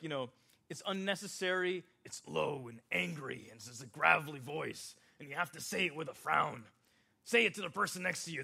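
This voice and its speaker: A man's voice: on the high side, creaky, pushed and bright. A man preaching a sermon in a conversational, joking way, talking directly with his congregation. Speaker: pastor.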